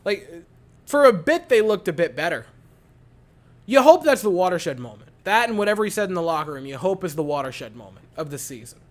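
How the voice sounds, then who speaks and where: A man giving an animated post-game reaction to a hockey game, repeating his points for emphasis. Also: sits high, fairly quick. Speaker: hockey fan commentator.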